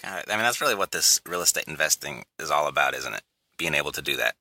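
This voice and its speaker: A man hosting an interview, asking relaxed questions and chiming in with short affirmations. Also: rumbling low, fast, no room sound. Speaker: interview host. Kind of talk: casual interview talk.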